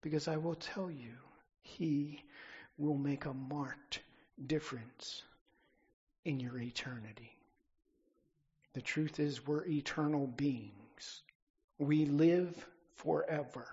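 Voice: medium pitch, slow pace, pauses often, darkish tone, breathy edge, highs cut off. A pastor preaching a sermon with emphatic declarations that build and then drop back down.

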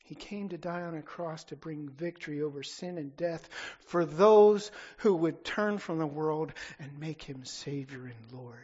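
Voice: mid-range voice, a little mellow, slightly rough, dull audio. A pastor preaching a sermon with emphatic declarations that build and then drop back down.

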